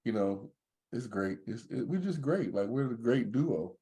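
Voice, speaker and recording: A man's voice: mid-range voice, measured pace. A man co-hosting a podcast, in casual joking banter. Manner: joking, animated storyteller. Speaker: podcast co-host.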